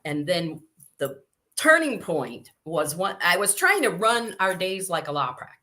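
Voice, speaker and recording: Bright-toned woman in her sixties. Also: lowish voice, a little slow. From Chicago, USA. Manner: animated storyteller who acts out quoted voices. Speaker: guest. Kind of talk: casual storytelling interview.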